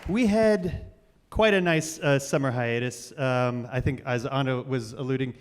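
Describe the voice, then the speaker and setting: A man's voice: mid-range voice, a little slow, clear, resonant tone. A man in his forties hosting a live storytelling show, rambling and self-deprecating, with many fillers and restarts. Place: stage of a cultural center hall. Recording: reverberant live hall.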